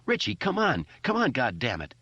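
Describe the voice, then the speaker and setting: A man's voice: mid-range voice, wildly swooping pitch, normal speed, pushed and bright, husky, dry recording, muffled recording, pitched above the performer's own voice, exaggerated voice. A man reading the part of a shaky, exhausted young man who calls out urgently.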